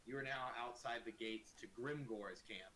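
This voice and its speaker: A man's voice: mid-range voice, normal speed, pushed and bright, slight background noise, rough recording. Casual male game master. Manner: casual, profane narration with filler words. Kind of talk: narrating a tabletop game.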